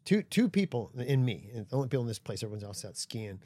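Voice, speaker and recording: A man's voice: medium pitch, fast. A middle-aged man, a guest on a podcast, chatting casually and telling stories, sometimes acting out other people's lines. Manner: relaxed storyteller, acts out voices in anecdotes. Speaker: guest, solo ocean racer. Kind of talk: casual chat. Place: aboard a boat studio.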